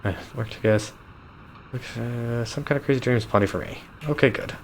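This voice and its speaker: A man's voice: medium pitch, moderate pace, slight background noise. A man streaming a game live, reading the game text aloud with amused asides and chuckles. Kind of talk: live gameplay commentary.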